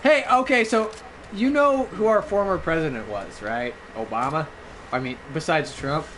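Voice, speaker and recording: A man's voice: on the high side, animated, moderate pace, slight background noise. A drunk young man chatting loosely over a game stream, rambling and bursting into song. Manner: rambling, loud, bursts into singing. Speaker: gaming streamer. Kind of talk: casual gameplay chat.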